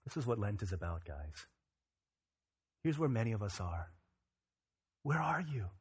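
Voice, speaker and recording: A man preaching a sermon, moving between quiet reflection and loud, emphatic bursts. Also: lowish voice, sing-song, unhurried, husky. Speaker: pastor.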